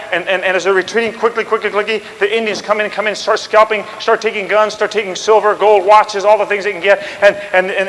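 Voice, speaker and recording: A man telling history as an oral story, animated and chatty, with asides and restarts. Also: high voice, long reverb tail, a little hiss or hum, low-quality recording.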